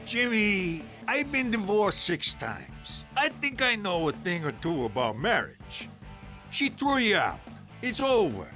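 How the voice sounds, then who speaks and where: Uncle Cheech, a crude mobster uncle. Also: male voice, high-pitched, sing-song, takes it slowly, sharp tone, faint music behind, heavily acted. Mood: lecturing. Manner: crude, lecturing. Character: crude, much-divorced old mobster uncle. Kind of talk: animated series voice acting.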